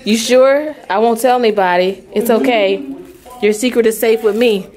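A woman vlogger talking casually to her viewers. She is chatty and expressive and breaks into loud, alarmed exclamations. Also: on the high side, normal speed. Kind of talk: casual vlog chat.

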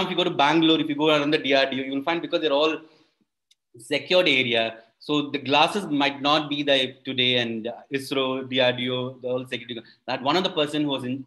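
Male storyteller, high voice, animated and audience-quizzing. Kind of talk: performative storytelling for children.

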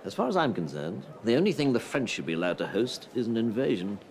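An actor playing a haughty snob who makes pompous, sneering quips, heard as a film clip. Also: male voice, fairly low pitch, big pitch swings, fast talker. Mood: scornful. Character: haughty snobbish Englishman mocking the French. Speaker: film character. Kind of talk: film dialogue. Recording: noisy film clip audio.

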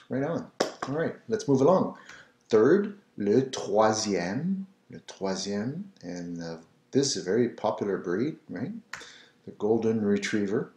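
Guy teaching french words slow and patient, kinda low voice, echoey room. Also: very animated, dark tone. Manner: repeats words slowly for the learner. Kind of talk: slow, patient pronunciation lesson.

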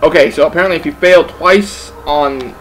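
Bright-voiced young man gaming banter. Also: fairly high pitch, moderate pace, a little hiss or hum, poor audio. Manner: joking, bantering. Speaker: let's play host. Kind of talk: casual gaming commentary.

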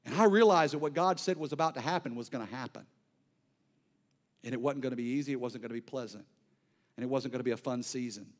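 A male pastor delivering an impassioned sermon, swinging between near-shouted peaks and hushed, quiet lows. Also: quick pace, long pauses.

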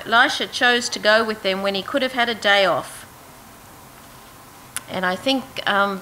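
Bright-voiced woman teaching a Bible lesson. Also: a little high, a little hiss or hum, low-quality recording. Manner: asks the audience questions, reads verses aloud. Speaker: preacher.

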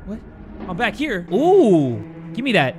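A young man hosting a gaming channel, giving jokey, excitable horror gameplay commentary, swearing and yelling when startled. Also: sits high, unhurried, background noise.

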